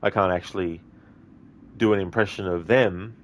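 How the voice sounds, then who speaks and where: A man's voice: low voice, fairly even intonation, moderate pace. An Australian man streaming a video game, chatting casually and rambling with many fillers. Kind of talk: casual commentary.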